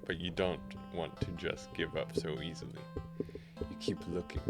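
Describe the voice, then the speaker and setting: A man's voice: low-pitched, flat delivery, normal speed, over music. A man streaming live, reading a text game aloud in the second person and reacting as he goes.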